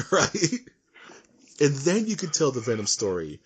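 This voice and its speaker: A young man with a husky voice rants in casual podcast chat, animated and quick to laugh. His pitch sits in an ordinary middle range. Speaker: podcast co-host.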